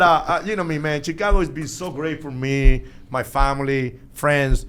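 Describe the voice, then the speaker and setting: Lively, laughing man with loose English. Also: on the high side, normal speed. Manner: animated, laughs often, loose non-native English grammar. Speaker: guest. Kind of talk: casual podcast chat. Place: podcast studio.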